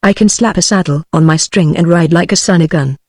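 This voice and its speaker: A woman's voice: lowish voice, fast, a little mellow, no room sound, studio quality. A synthetic female text-to-speech voice reading the lines of a boastful six-year-old cowboy boy with a swaggering backcountry drawl.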